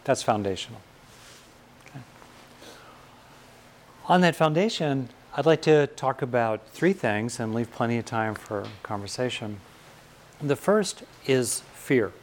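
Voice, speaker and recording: An older American man from California giving a thoughtful, reflective talk on fear and courage, pausing often and rising in emphasis on key points. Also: mid-range voice, a little hiss or hum.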